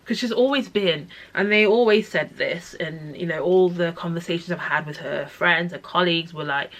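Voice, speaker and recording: A young adult woman talking to camera about personal grief, soft and halting, often sinking to a near-whisper. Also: fairly low pitch. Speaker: vlogger sharing personal experience.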